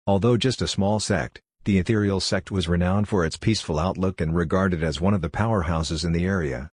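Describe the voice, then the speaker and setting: A male audiobook narrator with a very deep voice, reading a fantasy novel in a steady, even manner. The sound is dry and close to the mic. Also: dry recording. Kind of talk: scripted narration.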